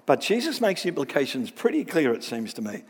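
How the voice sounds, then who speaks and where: A man gives an animated Bible lecture, his fairly high voice ringing out in a hall with a long reverb. He keeps checking in with his listeners through quick tag questions. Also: slightly rough.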